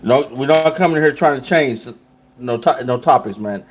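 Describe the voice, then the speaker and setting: A man's voice: medium pitch, moderate pace. A man hosting a casual livestream, talking loosely and in slang straight to his chat. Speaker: livestream host.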